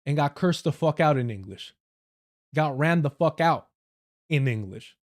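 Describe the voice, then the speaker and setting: A man's voice: fairly high pitch, expressive, measured pace. A man with a Southern Californian accent hosts a livestream and talks in a raised, lighter register than most men. He speaks bluntly, swears often, and breaks into short laughing asides as he comments. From Southern California, United States. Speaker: livestream host.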